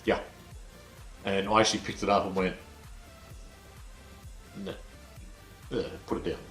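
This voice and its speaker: Man, podcast host, very deep voice, relaxed rambling, echoey room. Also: measured pace, faint music behind. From Australia. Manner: relaxed, rambling, with fillers like "you know". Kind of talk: casual chat.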